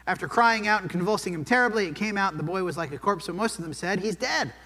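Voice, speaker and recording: A man's voice: high-pitched, fast, bright, forceful tone. A man preaching a sermon in a conversational way, often checking in with "right?". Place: church sanctuary. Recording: long church hall reverb.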